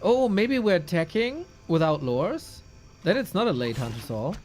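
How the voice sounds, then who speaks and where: An esports caster calls a live strategy match with a lively, bouncing voice and a mid-range pitch. The delivery is excitable and playful, full of jokes and thinking aloud between plays. Faint game music sits behind the voice. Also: moderate pace.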